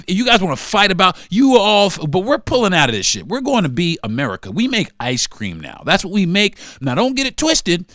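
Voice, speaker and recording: A man hosting a podcast, delivering a heated, profane rant that swings between loud outbursts and low muttering. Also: no room sound, clean studio sound. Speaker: podcast host. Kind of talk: profane ranting monologue.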